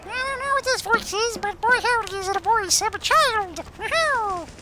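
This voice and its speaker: A man voicing an excited, cheery little kid in a squeaky, gushing voice. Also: moderate pace. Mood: gleeful. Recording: noisy game audio behind.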